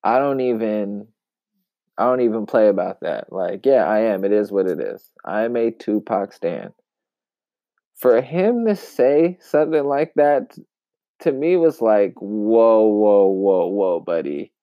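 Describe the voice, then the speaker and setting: A man giving casual commentary in an emphatic, wry way, with long pauses, on a dull, dry lo-fi recording. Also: mid-range voice, animated, dry recording. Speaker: commentary vlogger.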